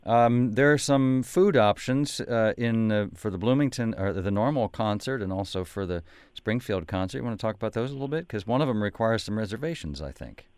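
A male radio host interviewing a guest in a relaxed, conversational way. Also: fairly low pitch, a little fast, smooth, no room sound. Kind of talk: radio interview, asking questions.

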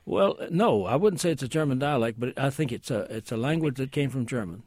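A man's voice: medium pitch, expressive, brisk, a little mellow, breathy edge. A man who is a guest language expert on a call-in radio show, explaining at length with many hesitations and asides.

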